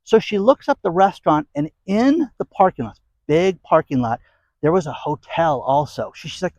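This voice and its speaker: A man's voice: a little high, lively intonation, normal speed, a little mellow, no echo, rough recording. A middle-aged man hosting a commentary channel, ranting bluntly and emphatically to camera, with sarcastic asides and repeated phrases. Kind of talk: opinionated rant to camera.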